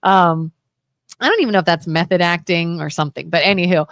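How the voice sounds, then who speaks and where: A woman co-hosting a local talk radio show, telling rambling, animated stories in casual chat. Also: fairly low pitch, brisk, dry recording, studio quality. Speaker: co-host.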